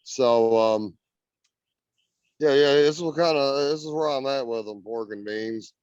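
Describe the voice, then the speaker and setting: A man's voice: medium pitch, measured pace, a little mellow, clean tone, no room sound, muffled recording. A man from Indiana, a guest earnestly telling a story in casual chat, often repeating words as he goes. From Indiana, USA.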